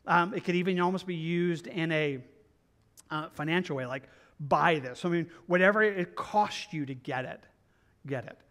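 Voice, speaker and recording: A man's voice: on the high side, moderate pace, fairly bright tone. A man preaching a verse-by-verse Bible study, earnest and conversational, repeating himself often. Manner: earnest, repetitive, conversational with many restarts. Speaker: pastor.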